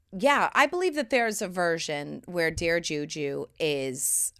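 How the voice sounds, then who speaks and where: Solo podcast host, woman in her thirties, slightly low-pitched, animated and foul-mouthed, loud bursts and whispery asides. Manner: animated, swears freely, swings between loud bursts and hushed asides. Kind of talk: casual solo podcast talk.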